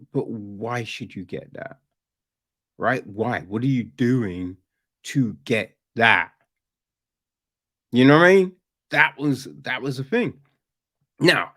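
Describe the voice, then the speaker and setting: A man chatting casually about a film on a podcast, rambling with restarts and asking "right?" often. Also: mid-range voice. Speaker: podcast host, film reviewer. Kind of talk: casual chat.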